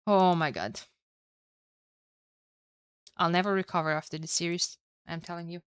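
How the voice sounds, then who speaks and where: Woman, lowish smooth voice, dry close sound, excitable solo game caster, tired. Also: moderate pace, dry recording. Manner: chatty, excitable, swears and laughs at herself. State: tired with a headache. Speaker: esports caster. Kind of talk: solo game commentary to a live chat.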